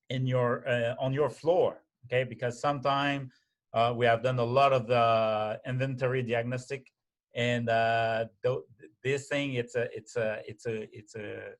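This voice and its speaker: Halting male webinar presenter. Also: medium pitch. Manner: halting, many restarts and fillers, repeated "okay?".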